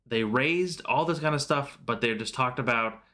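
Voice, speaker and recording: A man hosting a relaxed live market stream, with a voice of ordinary middle pitch. He talks loosely and informally, often pausing on "um" and "uh" and correcting himself mid-sentence as he walks through charts and answers viewers. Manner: loose and chatty, many fillers and self-corrections; answers viewer chat questions. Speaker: livestream host. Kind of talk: casual live stock market commentary.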